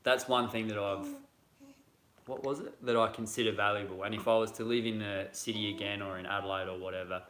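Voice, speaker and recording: A man talks in a casual livestream, easygoing and thoughtful, often pausing to find his words. His voice sits a little low but sounds bright and forward. The room around him is echoey. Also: steady tone. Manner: easygoing, thoughtful, pauses to think. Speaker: sailing vlogger co-host. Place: indoors at home.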